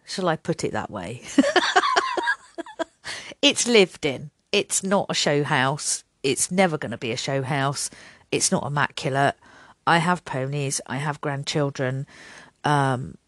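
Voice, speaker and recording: A woman's voice: deep voice, a little slow, long pauses, a bit bright, dry recording, studio quality. An older woman hosting a podcast, rambling in a self-deprecating way, laughing often and acting out little conversations. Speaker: podcast host. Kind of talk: chatty solo podcast ramble.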